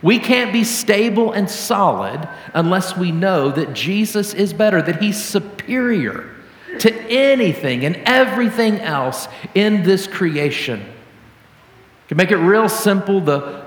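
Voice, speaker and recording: A male pastor preaching a sermon in an earnest teaching manner, slowing down to stress key words. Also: high-pitched. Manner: earnest teaching, slows for emphasis. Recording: roomy hall with long reverb.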